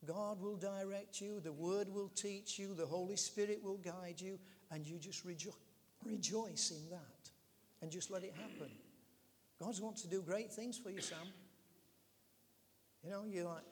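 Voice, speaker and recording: A man's voice: high voice, steady tone, measured pace, big-room sound, a little hiss or hum. A male pastor preaching a sermon in a church, emphatic and calling out to the congregation.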